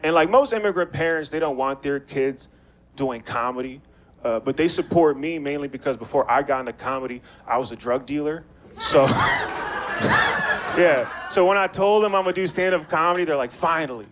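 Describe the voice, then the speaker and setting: A man's voice: a little high, a little fast. A young man performing a stand-up comedy set in a small bar, with loose, chatty slang and banter with the crowd. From Maryland, USA. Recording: live bar set with noticeable background noise.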